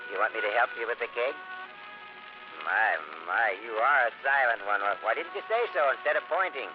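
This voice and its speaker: A jolly, drink-loving Dutch villager for old-time radio; bouncy, lively delivery, muffled old broadcast sound with music. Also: male voice, mid-range voice. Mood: chatty. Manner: jovial, chatty, talks to himself and his dog. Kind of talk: 1940s radio acting.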